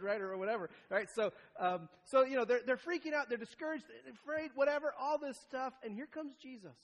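A young man preaching a conversational sermon, animated, with laughing asides and frequent "right?" checks. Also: very high voice, fairly quick, few pauses. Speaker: pastor.

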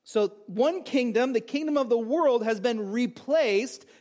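A man's voice: very high-pitched, a little slow, dark tone. A middle-aged male pastor giving a sermon in a conversational way, asking rhetorical questions and joking with the congregation.

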